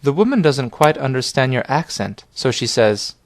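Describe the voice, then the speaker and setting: A man guiding a language lesson in a calm, scripted instructional manner. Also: mid-range voice, moderate pace, dry recording. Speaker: language teacher.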